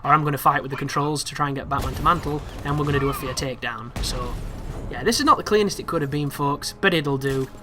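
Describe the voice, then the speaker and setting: A man's voice: a little high, fast talker, few pauses, over music. A man giving casual walkthrough commentary over gameplay, chatty and prone to exasperated asides. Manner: chatty, with exasperated, animated asides about the game.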